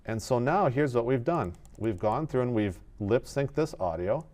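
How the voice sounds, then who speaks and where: A man teaching animation in a screen-recorded tutorial, explaining each step in a methodical, relaxed way. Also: mid-range voice, moderate pace.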